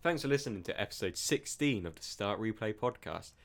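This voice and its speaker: A man's voice: lowish voice, lively intonation, a little fast, a bit bright. A man co-hosting a podcast, casually signing off with teasing remarks. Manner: playful, teasing. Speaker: podcast co-host. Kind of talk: casual chat.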